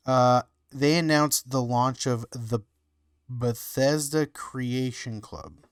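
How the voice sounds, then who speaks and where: A man speaks slowly on a podcast, pausing with lots of ums as he hunts for the right words. His voice is smooth and clear, recorded dry and close. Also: mid-range voice, fairly even intonation, dry recording. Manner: hesitant, searching for words with many fillers. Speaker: podcast co-host. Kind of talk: casual chat.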